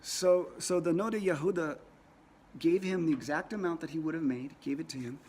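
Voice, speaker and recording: A man's voice: a little high, a little fast, a little mellow, breathy edge. A man teaching a lesson in a casual, conversational way, often repeating words as he tells a story. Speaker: religious teacher.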